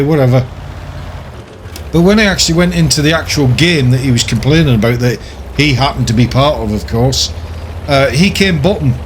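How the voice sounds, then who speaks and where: A man talks over his gameplay in a loose, ranting way, chatty and quick to laugh. His voice sits a little higher than most men's. A faint hum of ambience runs behind him. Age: older. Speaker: gaming YouTuber. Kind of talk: casual commentary over gameplay.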